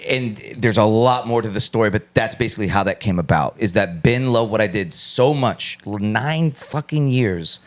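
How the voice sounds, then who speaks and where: A man's voice: on the low side, lively intonation, moderate pace, hardly any pauses. A man, a guest artist, telling loose, profane stories in a casual interview and acting out what people said to him. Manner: loose, profane storytelling with acted-out quotes.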